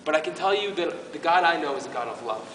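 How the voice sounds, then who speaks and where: A man's voice: a little high, animated, quick pace, fairly bright tone, a little hiss or hum. A man giving an informal faith talk to a youth group at his parish, earnest and emotional, with many restarts. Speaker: parish youth ministry speaker. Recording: echoey hall from far off.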